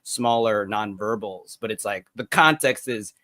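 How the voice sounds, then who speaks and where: A man hosting a casual interview, eager and quick to affirm his guest. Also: lowish voice, bright, forceful tone. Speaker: podcast host.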